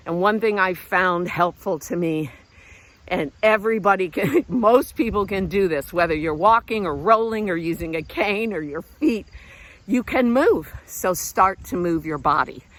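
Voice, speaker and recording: Woman, middle-aged, animated pitch, casual encouraging talk, slightly breathless, walking outdoors, crickets faintly behind. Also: normal speed, no room sound. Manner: encouraging, conversational, breathing hard while hiking. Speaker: vlog host and self-help speaker. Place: outdoors walking around a lake.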